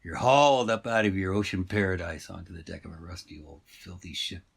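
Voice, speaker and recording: A man's voice: low voice, brisk, vocal fry. A man casually retelling a story, meandering and full of asides and fillers.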